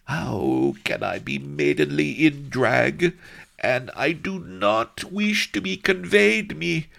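A man voicing a petulant young woman disguised as a boy, in a high plaintive falsetto. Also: very animated, slow pace, gravelly, a bit bright, heavily acted.

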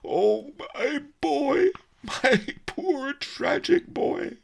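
A man's voice: a little high, big pitch swings, slow pace, creaky, a bit bright, husky, voice pushed up, exaggerated voice. A man voicing a gluttonous, emotional fat merchant who whispers breathlessly and breaks into weeping.

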